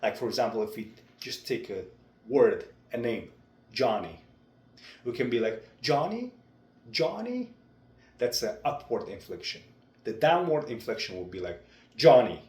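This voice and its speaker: A young man talking through his speaking practice in a vlog, with a deliberate, measured delivery. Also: lowish voice, darkish tone. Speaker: vlogger. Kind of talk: reflective speech-practice vlog. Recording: roomy echo.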